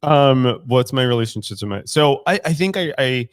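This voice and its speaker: A man's voice: medium pitch, expressive, normal speed, clean tone, no echo, clean studio sound. A man co-hosting a casual podcast, talking candidly about his faith, often laughing and swearing freely. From San Francisco Bay Area. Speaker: podcast co-host. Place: studio room.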